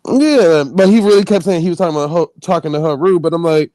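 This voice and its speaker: High-voiced man ranting bluntly. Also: quick pace, few pauses, no echo. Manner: blunt, profane, animated ranting. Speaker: stream host. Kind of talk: casual livestream commentary.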